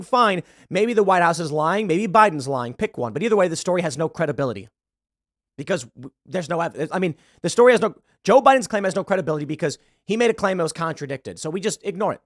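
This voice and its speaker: Man, political commentary host, blunt and heated, lively swinging pitch, dry close sound. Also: no room sound. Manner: heated, blunt, swearing, frequent restarts. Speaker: show host.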